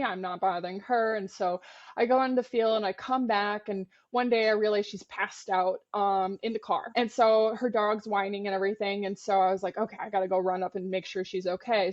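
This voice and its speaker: A woman co-host recounts her field adventures in a casual, animated way, blunt and unafraid to swear. Her voice sits at a middle pitch. The recording is slightly dull and lo-fi. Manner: animated, frank, swears freely. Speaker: podcast co-host, turtle biologist. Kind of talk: casual storytelling.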